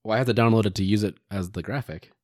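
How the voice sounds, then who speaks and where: A man's voice: on the low side, rapid-fire, darkish tone, dry recording, clean studio sound. A man hosting a podcast, talking loosely and joking with plenty of swearing. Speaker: podcast host. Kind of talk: casual chat.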